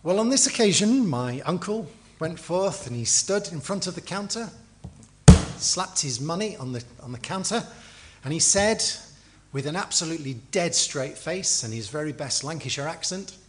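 A man's voice: a little high, expressive, moderate pace. A middle-aged man from England preaching a sermon, telling stories with acted quotes and dry humor.

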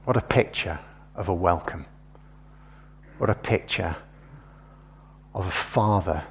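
A man preaching a sermon, shifting between hushed, gentle passages and loud, emphatic points. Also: deep voice, breathy edge.

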